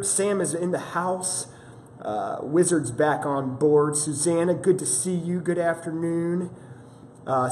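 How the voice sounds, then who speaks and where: A man's voice: on the high side, darkish tone. A man hosting a live fitness stream, chatting casually and apologetically while greeting viewers, recorded through a camera mic. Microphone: camera-mounted mic. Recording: roomy echo with faint ambient noise.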